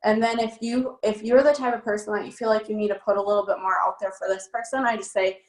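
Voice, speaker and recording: A woman's voice: mid-range voice, fairly even intonation, fast, hardly any pauses. A young woman giving a casual sales training talk, chatty and upbeat with lots of fillers. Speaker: network marketing trainer. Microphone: phone. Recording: echoey room.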